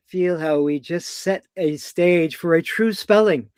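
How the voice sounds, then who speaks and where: Man, fairly high voice, dry close sound; poetic, incantatory delivery on a video call. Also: a little mellow, no room sound. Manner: poetic, incantatory, drawn-out phrasing. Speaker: guest on a live video talk. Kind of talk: casual spiritual conversation.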